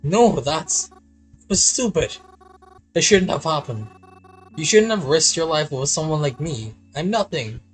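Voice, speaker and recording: A man voicing a young woman heroine, anxious and self-doubting, in a pleading, raised voice with a husky edge. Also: fairly high pitch, lively intonation, a little slow, soft background music, pitched above the performer's own voice, rough recording. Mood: distraught.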